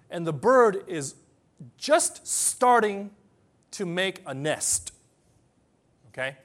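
A man preaching a sermon to people whose first language is different, telling stories and then leading a quiet prayer. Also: high-pitched.

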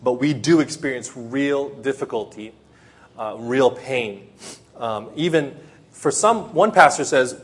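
A man's voice: medium pitch, animated, slow pace. A man preaching a sermon in a church in Japan, retelling stories with frequent restarts and self-corrections. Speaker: pastor.

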